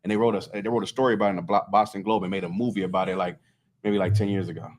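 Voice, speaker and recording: A man's voice: on the low side, steady tone, rapid-fire. Chatty man leading scripture talk. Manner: loose and talkative, constantly checking in with listeners. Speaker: scripture teacher leading a study group. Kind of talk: conversational street-style scripture teaching.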